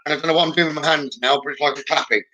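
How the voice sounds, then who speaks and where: Male psychic medium on a live stream, higher bright tone, soft reassuring delivery with hesitant pauses. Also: steady tone, lo-fi sound. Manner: gentle, reassuring, frequent "okay?" checks.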